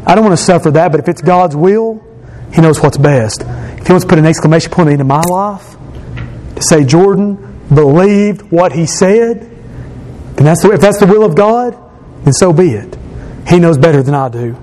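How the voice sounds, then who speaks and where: A man's voice: a little high, expressive, fairly quick, mellow, poor audio. A man preaching an emphatic sermon as pastor, repeating phrases for stress.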